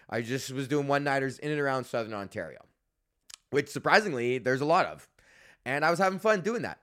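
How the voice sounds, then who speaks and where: Profane, animated male comedian telling stories. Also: mid-range voice, brisk. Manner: animated, profane, acts out voices in his stories. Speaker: podcast host and comedian. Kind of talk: casual storytelling rant.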